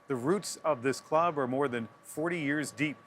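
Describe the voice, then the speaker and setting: Bright-voiced male news anchor outdoors. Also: a little high, normal speed, slight background noise. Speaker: news anchor reporting on location. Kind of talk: live news presenting. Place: outdoor city plaza.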